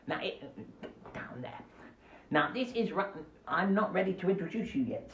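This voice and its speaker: This children's radio host has a high voice and a normal speed, broadcasting a live stream from home near a window on his phone camera. Playful and silly, he keeps jumping between voices and asides, in a roomy sound with slight background noise.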